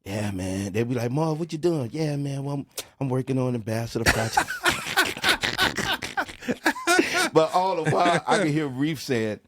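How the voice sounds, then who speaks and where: A middle-aged man from New Orleans, guesting on a podcast and speaking at an ordinary pitch. He tells his story in relaxed, casual talk, slipping "bro" and "man" between phrases and voicing each quoted line of dialogue as he goes. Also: brisk, hardly any pauses. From New Orleans, USA. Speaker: music producer guest.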